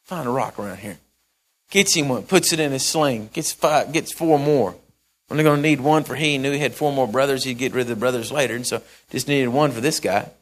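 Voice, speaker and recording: A man preaching a sermon in a folksy storytelling way, acting out the characters and repeating phrases, swinging from loud to soft. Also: mid-range voice, fairly quick.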